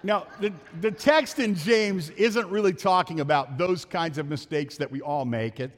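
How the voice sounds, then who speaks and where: A man preaching a sermon as pastor, talking fast and telling jokes in a church sanctuary. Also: sits high. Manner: fast-talking, joking storyteller. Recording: long hall reverb.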